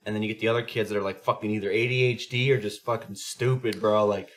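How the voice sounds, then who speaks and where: A man telling coaching stories in a casual, profane podcast chat, animated and swearing often. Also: fairly low pitch, fast talker. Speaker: podcast host; youth sports coach.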